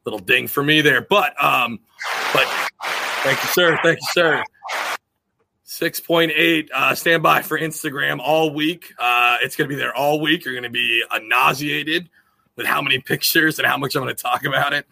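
A man talks as a podcast guest in a loose, rambling way, often restarting his sentences. His voice is gravelly and has a sharp, tense edge. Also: mid-range voice, steady tone, moderate pace. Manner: chatty, many restarts and fillers. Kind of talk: casual chat.

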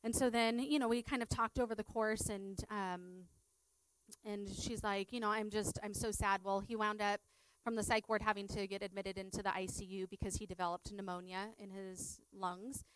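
A woman teacher telling a personal story to an audience, halting and repeating herself, with many fillers, her voice dropping low and hushed at the saddest parts. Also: steady tone, clear, resonant tone, no room sound, low-quality recording. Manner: drops to a hushed voice at sad moments.

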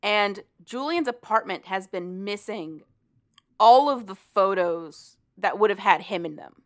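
Animated woman retelling a story. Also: mid-range voice, a little slow. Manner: animated, profane, laughs often while retelling. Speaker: podcast co-host recapping a story. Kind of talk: casual chat.

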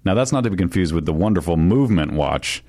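A man co-hosting a podcast in casual chat, teasing and jumping in with quick quips and questions. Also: low-pitched, lively intonation, warm tone. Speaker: podcast co-host.

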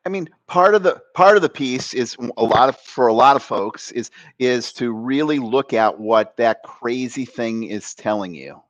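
An animated man talking as a coach in an interview, often slipping into the voices of people he quotes. His pitch sits in the middle range. The sound is dry and close, with no room echo. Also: normal speed, few pauses. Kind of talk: conversational interview.

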